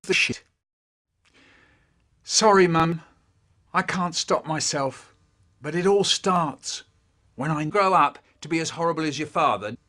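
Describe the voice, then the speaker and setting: A man's voice: a little high, a little slow, long pauses, bright, forceful tone. A man telling stories in a playful, theatrical way, with sudden swings in his voice. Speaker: storyteller. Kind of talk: animated storytelling, cut into spliced comedy clips.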